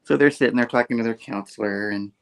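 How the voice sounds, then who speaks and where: A man casually reviewing a comic book, telling the story with lively sound effects. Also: medium pitch, fast talker, gravelly. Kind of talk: casual chat.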